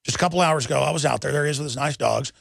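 A man with a gravelly, fry-laden voice pitched a little high holds forth on talk radio. He rambles urgently and restarts his sentences as the story runs on. The studio sound is dry and close. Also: very fast, a bit bright, dry recording. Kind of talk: impassioned talk radio monologue.

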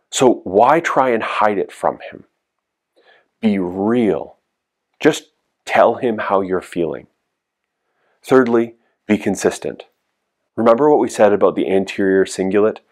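A man giving a youth sermon as a youth pastor, earnest and encouraging, repeating his key phrases. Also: fairly low pitch. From Canada.

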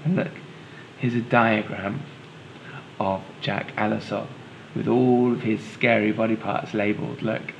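A man's voice: lowish voice, fairly even intonation, measured pace, creaky, dull audio, slight background noise. A man, a teacher, reading a children's storybook aloud and patiently explaining it to young listeners.

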